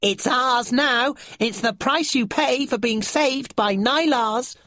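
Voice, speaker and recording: A man voicing a greedy, mischievous treasure-hungry creature in a storybook reading, with a squeaky, taunting delivery. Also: slow, bright, forceful tone, dry recording, studio quality, heavily acted. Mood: mocking.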